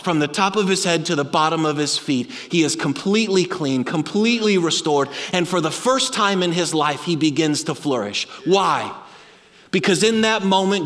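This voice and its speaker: A man preaching a sermon with dramatic storytelling, dropping low and quiet for emphasis. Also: long reverb tail.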